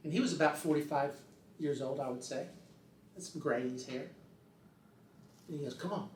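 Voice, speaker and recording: A man's voice: a little high, normal speed, a little hiss or hum. An older man telling a rambling, casual story, slipping into other people's voices as he goes. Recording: roomy sound, distant from the mic.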